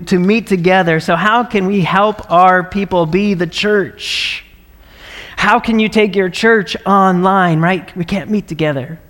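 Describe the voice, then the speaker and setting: A male pastor preaches a livestreamed sermon in a conversational, earnest way, with warm laughs and frequent quick "right?" check-ins. His voice is a little high for a man, carrying the long reverb of a big church sanctuary.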